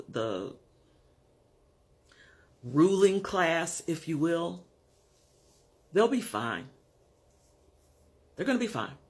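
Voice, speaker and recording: A man in his fifties or sixties talks candidly to his own camera at home, in a slightly higher voice than most men. He speaks slowly and frankly, pausing often to search for the right words. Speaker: vlogger. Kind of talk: candid personal vlog monologue.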